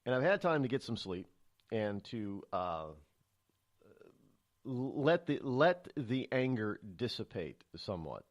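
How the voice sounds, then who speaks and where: A medium-pitched, sing-song man from New England takes it slowly while hosting a live morning call-in radio show. He's chatty until anger surfaces, then rambles with many fillers and restarts.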